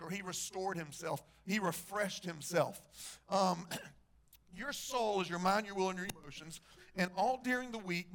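Male pastor with a high voice, lively preaching that quizzes the congregation. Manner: animated preacher, asks the congregation questions. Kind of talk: sermon.

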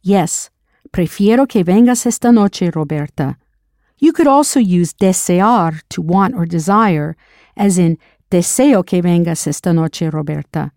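A woman narrates a scripted audio language lesson with a warm, mellow tone. She is recorded close and dry. She patiently poses drill questions and confirms each answer. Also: lowish voice, expressive, unhurried, no echo. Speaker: language teacher.

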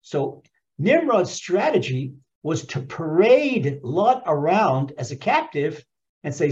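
A man teaching a Torah lesson as an animated storyteller, repeating phrases for emphasis and restarting often. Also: high-pitched, moderate pace. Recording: dull lo-fi recording.

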